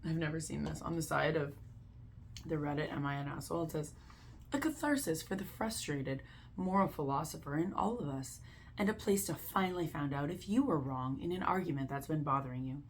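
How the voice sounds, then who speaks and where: A woman with a gravelly, low-pitched voice reads internet posts aloud and comments on them bluntly. She talks in a loose, casual way, full of "like" and "you know". A faint hum of room noise sits underneath. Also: brisk. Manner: blunt, opinionated, heavy use of "like". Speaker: Reddit story reader and commentator.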